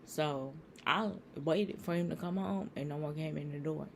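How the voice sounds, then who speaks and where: A woman's voice: low-pitched, moderate pace, gravelly, slight background noise. A young woman telling a personal story to her viewers, rambling and repeating herself as she quotes family in dialogue. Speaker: vlogger.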